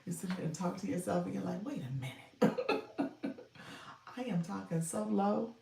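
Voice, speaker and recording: A woman hosts a casual home livestream, speaking low and soft, almost in a whisper. Her voice is a bit gravelly and she greets viewers one by one. She sits back from the mic in an echoey room. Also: fairly even intonation, a little slow, recorded from a distance. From Florida. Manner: talks softly and low, near a whisper; chatty, greets viewers by name. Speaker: livestream host and coach.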